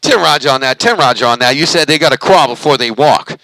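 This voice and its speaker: A man, excitedly bantering over a CB radio in a hyped, repetitive cheerleading way. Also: mid-range voice, fast, rough recording. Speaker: CB radio vlogger.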